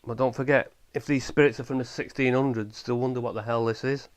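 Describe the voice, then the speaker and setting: An English-accented man leads a ghost hunt inside a small old house. He stops and restarts as he walks through his gear, then calls out politely to any spirits there. His voice sits at an ordinary, middle pitch. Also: fairly even intonation. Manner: halting, explains equipment with many fillers, calls out politely to spirits. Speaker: paranormal investigator. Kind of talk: ghost-hunting walkthrough.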